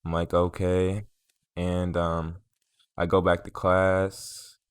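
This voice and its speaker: Low flat-voiced young man telling a story. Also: slow pace, clear, resonant tone, no echo, clean studio sound. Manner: rambling, profane, filler-heavy. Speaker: vlogger. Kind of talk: casual story time.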